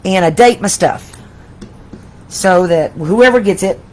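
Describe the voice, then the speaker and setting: A middle-aged woman hosts a casual live craft tutorial, hoarse and losing her voice, talking in an effusive, emotional way with many restarts. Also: on the low side, slow pace, rough recording. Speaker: host of a live crafting session.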